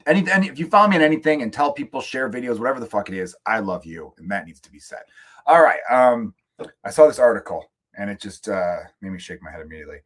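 A man's voice: on the low side, very animated, fast talker, a bit bright. An American man hosting his own podcast, ranting casually with jokes, swearing and rambling asides into a close microphone. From United States. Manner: profane, joking, rambling asides. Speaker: podcast host. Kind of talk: casual solo comedic rant. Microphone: studio microphone, close.

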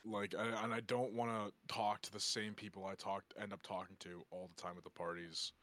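A man's voice: on the low side, flat delivery, brisk, a bit bright. Swearing young man telling stories. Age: young adult. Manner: rambling, swears a lot, laughs often. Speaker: podcast co-host. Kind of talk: casual chat.

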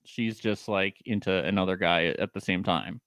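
A man's voice: sits low, moderate pace, fairly bright tone, no echo, clean studio sound. A man co-hosting a casual recap chat, joking, acting out quotes and tripping over his words. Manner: joking, acts out quotes, stammers and restarts. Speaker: podcast co-host.

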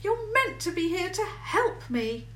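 A woman's voice: expressive, measured pace, roomy sound, distant mic, slight background noise. A woman voicing a young Tudor girl who sounds upset and a little petulant, in a storybook reading. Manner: high, pleading, a bit petulant.

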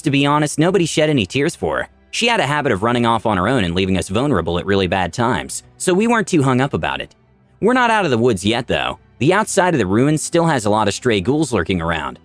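A man's voice: mid-range voice, wildly swooping pitch, quick pace, dry recording, soft background music. A man narrating a tabletop adventure in the first person, with a wry, dramatic telling. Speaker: storyteller of a tabletop campaign.

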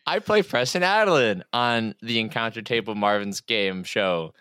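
An excitable young man riffing on a game podcast, stalling and swearing. His voice is bright and edgy, with wide pitch swings, recorded dry. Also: unhurried, smooth, dry recording. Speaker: tabletop game player. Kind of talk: casual banter among friends.

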